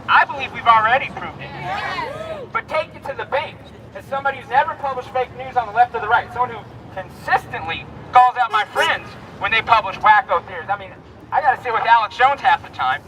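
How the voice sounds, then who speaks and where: High-voiced emphatic man rallying outdoors. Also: distant mic, rough recording. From Texas. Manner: emphatic, repetitive, rousing. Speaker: rally speaker. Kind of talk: outdoor protest speech.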